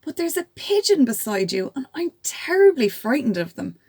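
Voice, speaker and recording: A woman's voice: sits high, sing-song, normal speed, darkish tone, slightly rough, no room sound, pitched above the performer's own voice, full character voice. A woman voicing a timid dragon who is terribly frightened of pigeons. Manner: fretful, anxious.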